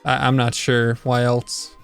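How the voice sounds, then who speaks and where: A man's voice: mid-range voice, completely flat delivery, unhurried, gravelly, smooth, soft background music. A young man on a reaction show, chatting casually and thinking aloud. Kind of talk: casual chat.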